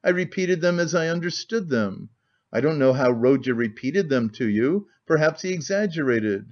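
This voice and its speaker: A faltering older mother, put on by a man reading aloud answers hesitantly but with dignity. The voice sits slightly high. The recording is dull and lo-fi. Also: expressive, moderate pace, lightly acted.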